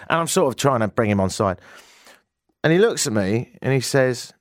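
A British man in his forties, with a British English accent, hosts a talk radio show and delivers an animated storytelling monologue, mocking himself with wry asides and swinging high for emphasis. The sound is clean studio quality from a studio microphone, with no echo.

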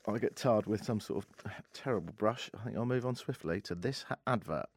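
A man's voice: on the low side, animated, quick pace, hardly any pauses, darkish tone, no room sound, studio quality. A man hosting a casual radio talk show, wry and sarcastic, rambling between topics. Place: radio studio. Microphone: studio microphone.

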